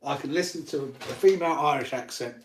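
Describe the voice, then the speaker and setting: A man's voice: fairly high pitch, quick pace, slight background noise. A man hosting a live stream, casually chatting and reading out viewer comments while he works on his gear. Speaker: channel host.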